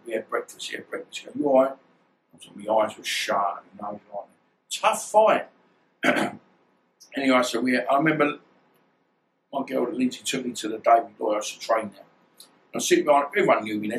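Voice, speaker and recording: A man's voice: mid-range voice, a little hiss or hum, rough recording. A middle-aged man, a former boxer, telling stories in a casual interview and often restarting his sentences. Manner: rambling, restarts often, swears.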